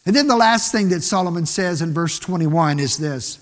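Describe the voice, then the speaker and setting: A man's voice: a little high, moderate pace, hardly any pauses. A man preaching a sermon in a church, emphatic, often repeating words and asking the congregation questions. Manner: emphatic, repeats words while building a point; asks the congregation rhetorical questions. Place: church sanctuary. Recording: long church hall reverb.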